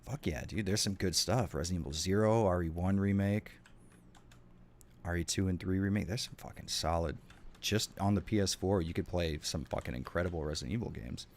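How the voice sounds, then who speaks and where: Keys clatter behind a deep-voiced man who casually chats with viewers during a game stream, rambling and swearing freely as he reacts to chat. He speaks briskly, with slight background noise.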